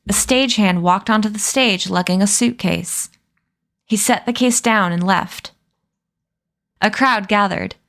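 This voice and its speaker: A woman reading a novel aloud as a storyteller, in a calm, steady manner. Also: medium pitch, creaky.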